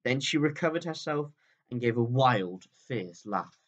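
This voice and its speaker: A male teacher reading a chapter of a children's book aloud in a calm, steady storytelling voice that drops low at the ends of sentences. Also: normal speed, muffled recording.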